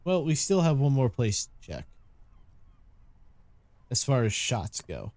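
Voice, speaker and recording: A man's voice: mid-range voice, very animated, a little slow, a little mellow, no echo. A man casually commenting while playing a game, chatty and joking, reading game text aloud. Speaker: gameplay commentator. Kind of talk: casual let's-play commentary.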